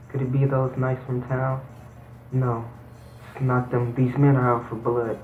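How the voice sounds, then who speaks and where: Casual gameplay host doing hammy voices for the cast; dull, echoey home recording. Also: male voice, medium pitch, level tone, unhurried, soft background music. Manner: switches between hammy character voices and plain chatter. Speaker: let's play host voicing the game's characters. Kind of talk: casual gameplay commentary with acted dialogue readings.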